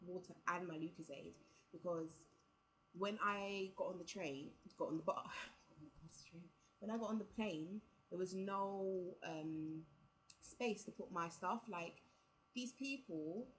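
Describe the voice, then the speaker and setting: A woman's voice: on the low side, measured pace, a little hiss or hum, rough recording. A young woman, telling a travel story casually to camera and filling it with "like" and quoted dialogue. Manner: chatty, full of "like" and quoted dialogue. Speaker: vlogger.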